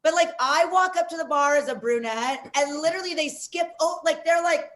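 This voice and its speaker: A woman from Las Vegas hosting a comedy show, doing loud, rambling, self-mocking stand-up. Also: high-pitched, a little fast.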